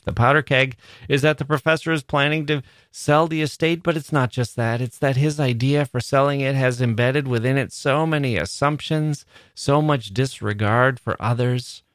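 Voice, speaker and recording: A man's voice: mid-range voice, no echo, clean studio sound. A man hosting a literature podcast, talking through a play with earnest emphasis and a lot of repetition. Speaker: podcast host.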